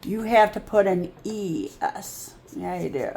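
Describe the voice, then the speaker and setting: A woman reading tutor giving a patient, drawn-out phonics lesson. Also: mid-range voice, animated, gravelly, darkish tone, slight background noise.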